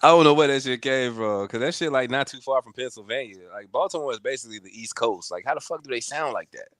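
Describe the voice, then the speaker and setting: A man co-hosting a podcast, talking in animated, profane, slangy, jokey banter. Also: medium pitch, quick pace, dry recording, studio quality. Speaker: podcast co-host. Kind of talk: casual chat.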